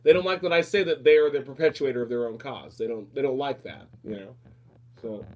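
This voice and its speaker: A man's voice: medium pitch, a little mellow. A man hosting a podcast, talking in a casual, emphatic rant that repeats its points. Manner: emphatic, repetitive, fast rants. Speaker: podcast host. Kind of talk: casual ranting talk.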